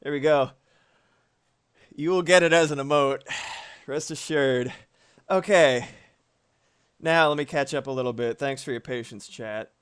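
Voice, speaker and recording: On the high side and smooth, this man's voice moves a little slowly, with frequent pauses. He's in his thirties, animating on a live stream, casually chatting with his audience, reading their messages aloud, and cursing here and there.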